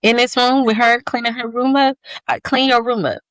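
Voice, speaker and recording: A woman's voice: a little high, little pitch movement, a bit bright, dry recording. Blunt, profane woman on a podcast. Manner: blunt, profane, talks fast in long stories. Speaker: podcast co-host. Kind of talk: casual chat.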